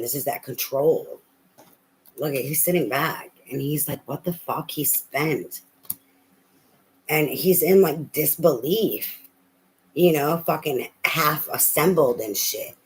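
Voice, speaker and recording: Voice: mid-range voice, slight background noise, poor audio. Blunt, profane tarot reader. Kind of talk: casual spoken tarot reading.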